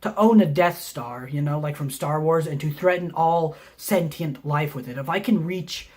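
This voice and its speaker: Deadpan rambling young man. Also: a little high, normal speed. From Tennessee, US. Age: young adult. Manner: deadpan, rambling, full of fillers. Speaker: film student. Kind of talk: mock pitch video.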